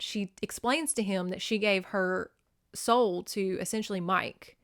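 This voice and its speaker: A woman's voice: medium pitch, unhurried, a bit bright. A woman hosting a podcast, casually recapping a novel in a chatty, profane way with lots of "like" fillers. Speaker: podcast host.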